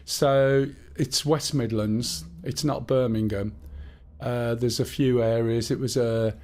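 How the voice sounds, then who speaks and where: A man's voice: medium pitch, fairly even intonation, takes it slowly, darkish tone. Chatty Black Country man streaming. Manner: chatty, rambling, talks to himself while playing. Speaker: game streamer. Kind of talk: casual live-stream gaming chat.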